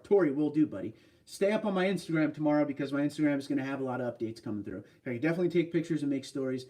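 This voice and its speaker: A man's voice: a little high, animated, fast talker, mellow, recorded from a distance. A man hosting a casual livestream, chatting loosely and answering viewer comments. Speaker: livestream host. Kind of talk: casual live stream chat.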